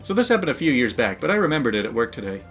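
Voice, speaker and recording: A man's voice: mid-range voice, big pitch swings, rapid-fire, fairly bright tone, faint music behind. A man hosting a story channel, narrating online stories in an upbeat, chatty way. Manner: upbeat, chatty, laughs between asides.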